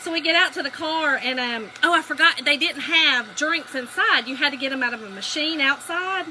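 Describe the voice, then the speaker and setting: A woman's voice: high voice, normal speed, sharp tone, slight background noise, poor audio. A woman with a Southern US accent hosting a crafting livestream, chatting with viewers and telling stories. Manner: chatty storytelling, addresses viewers as y'all. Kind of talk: casual crafting livestream chat.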